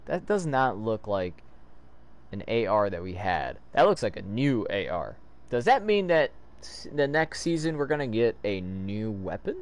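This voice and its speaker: Excitable guy reacting to a comic, lots of boom sound effects, pitch all over. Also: unhurried. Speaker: video host reading a comic. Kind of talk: casual reaction commentary.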